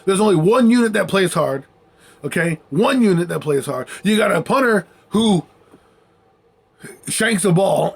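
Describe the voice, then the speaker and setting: A man's voice: high voice, creaky, a bit bright, breathy edge. A man ranting as a sports commentator, heated and sarcastic, mocking and repeating his points for emphasis. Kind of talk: fired-up sports rant.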